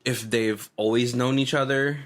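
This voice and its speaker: A man's voice: medium pitch, steady tone, normal speed. A man co-hosting a movie podcast, chatting casually, laughing often and restarting his sentences. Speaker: podcast co-host. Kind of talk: casual movie commentary chat.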